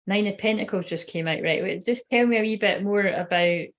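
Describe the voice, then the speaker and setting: A woman's voice: mid-range voice, fairly quick. A woman, a tarot reader and medium giving a casual, rambling live-stream reading and swearing now and then.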